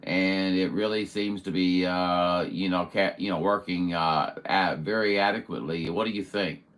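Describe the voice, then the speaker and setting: A man's voice: low-pitched, steady tone, moderate pace, fairly bright tone. A man hosting a CB radio session, chatting in a rambling, friendly way with lots of fillers and radio jargon. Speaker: CB radio operator and show host. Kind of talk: casual radio chat.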